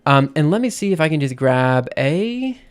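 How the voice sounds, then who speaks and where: A man's voice: fairly high pitch, big pitch swings, moderate pace, clear, resonant tone. Man thinking aloud on a livestream. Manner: thinking aloud, many ums and restarts. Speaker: streamer. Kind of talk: casual livestream explanation.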